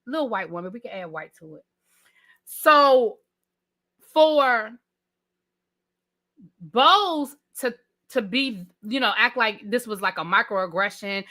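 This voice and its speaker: A woman's voice: on the high side, animated, takes it slowly, long pauses, pushed and bright. A woman hosting a live review stream, chatting with viewers in a casual, emphatic way with lots of slang. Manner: chatty, emphatic, Southern-tinged slang ("child", "ain't", "honey").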